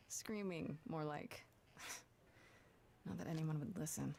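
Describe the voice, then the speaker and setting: Restless twenty-something girl, lowish voice, dry wry delivery, game character. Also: slow pace, vocal fry, mellow, slight background noise, heavily acted. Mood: frustrated. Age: 20s. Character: young woman bandmate, restless and unsure of herself. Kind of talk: game voice acting.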